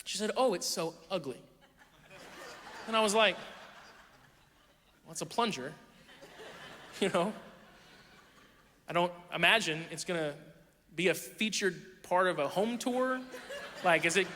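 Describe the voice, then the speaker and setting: A young male pastor delivers his sermon with a high, bright voice. He tells stories about himself with animated, self-deprecating humor. His voice carries a long reverb from a church auditorium. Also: slight background noise. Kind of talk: sermon with storytelling.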